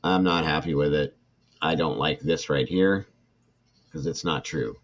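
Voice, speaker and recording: Unhurried and extremely low-pitched, a middle-aged man reads a report aloud during his true crime livestream. He reacts emotionally and with annoyance, talking to chat viewers by name.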